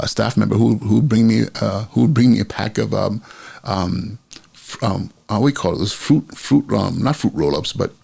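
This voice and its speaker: A man's voice: fairly low pitch, gravelly, darkish tone, husky. A middle-aged man, a school principal hosting his own podcast, talking casually with many fillers and restarts. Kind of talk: casual solo podcast talk.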